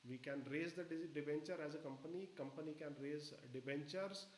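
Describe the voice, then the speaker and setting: A man leads a live stock-market webinar in a slightly high voice. He explains step by step and keeps checking that everyone is following. The recording has room echo and a faint hum of background noise. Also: fairly quick.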